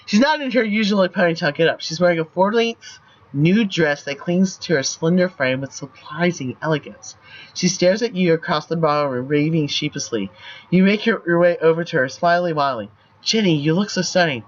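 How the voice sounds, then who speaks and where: A man's voice: fairly high pitch, moderate pace, muffled recording. A man streaming, reading a choice game's text aloud in a playful way with banter. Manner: playful, laughs at the lines.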